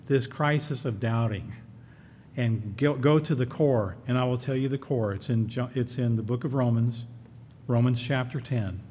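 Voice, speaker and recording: Earnest preacher man in an echoey hall. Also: darkish tone. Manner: earnest, emphatic, repeats key phrases. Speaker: pastor. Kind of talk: sermon. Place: church. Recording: echoey hall, faint rumble.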